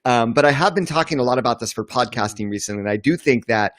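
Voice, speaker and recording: A middle-aged man, a marketing author, speaking as a guest in a casual video-call interview, confident and relaxed. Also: mid-range voice, quick pace, dry recording, clean studio sound. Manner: confident, relaxed, uses "you know". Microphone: video call setup.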